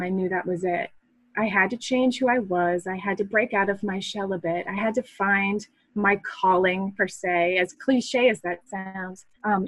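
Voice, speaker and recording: Recorded dry and close on a low-quality mic, a thirties woman from Massachusetts, USA, speaks in a medium-pitched voice as a podcast guest. A hobby photographer, she chats casually in an earnest, reflective way, restarting sentences and laughing softly.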